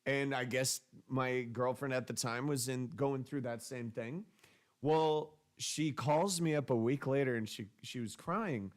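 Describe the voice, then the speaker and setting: A young man co-hosting a casual podcast, telling stories animatedly and jumping into quoted voices. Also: unhurried. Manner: animated storyteller, jumps into high-pitched quoted voices. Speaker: podcast co-host.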